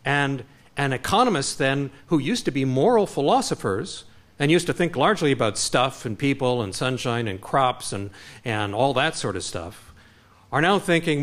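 Middle-aged canadian guy lecturing, fired up, pitch jumps all over, stumbles and restarts. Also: normal speed. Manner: animated, impassioned, frequent restarts. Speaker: guest speaker. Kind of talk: public lecture.

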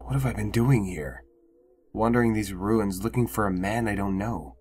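A man's voice: fairly low pitch, moderate pace, darkish tone, a little hiss or hum, close to an everyday voice. A man as a weary, resigned young man. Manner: subdued, resigned.

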